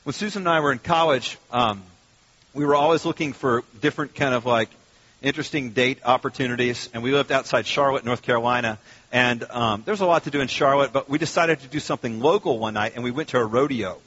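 A middle-aged man preaching a sermon in a conversational, animated way, breaking into loud mock rants. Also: mid-range voice, brisk, breathy edge. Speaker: pastor. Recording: dull, lo-fi sermon recording.

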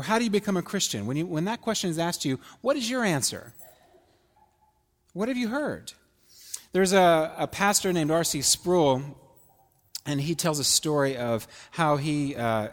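A man's voice: fairly high pitch, big-room sound. A man preaching a sermon in a conversational way. He asks the congregation questions and acts out quoted dialogue. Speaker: pastor.

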